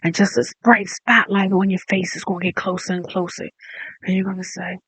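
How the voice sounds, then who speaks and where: In a dry recording, an online commentator with a mid-range, slightly bright voice and level tone delivers a mocking, profane rant. It spins into a drawn-out, taunting made-up story.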